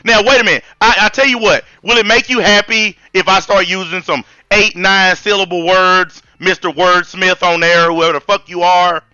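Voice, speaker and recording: A man's voice: sits high, fairly even intonation, moderate pace, hardly any pauses, bright, forceful tone, smooth, dry recording, dull audio. A man in his forties with a Southern US accent, hosting a live-stream debate and ranting bluntly with heavy profanity. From American South. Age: 40s. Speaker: channel host.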